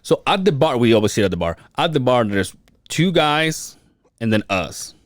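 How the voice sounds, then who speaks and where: A man's voice: mid-range voice, big pitch swings, moderate pace, no room sound, clean studio sound. A man co-hosting a podcast in casual chat, telling a story with lots of swearing and laughter. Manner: storytelling, profane, laughs often. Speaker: podcast co-host.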